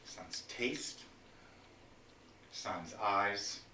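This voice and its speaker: A man's voice: on the low side, a little hiss or hum, voice pushed down, full character voice. A man reciting as a melancholy old courtier. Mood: somber. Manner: quiet, slow, fading recitation. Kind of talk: dramatic Shakespeare recitation. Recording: echoey room from far off.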